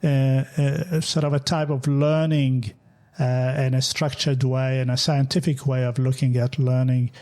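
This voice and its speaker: A man's voice: medium pitch, level tone, measured pace, darkish tone. Hesitant man hosting a podcast. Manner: hesitant, many fillers, friendly. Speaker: podcast host. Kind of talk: podcast interview.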